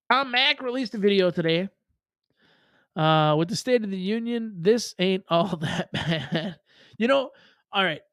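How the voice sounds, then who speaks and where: A man's voice: high-pitched, fairly bright tone, no room sound, studio quality. A man hosting a casual livestream, rambling with profane jokes and laughing asides. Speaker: livestream host.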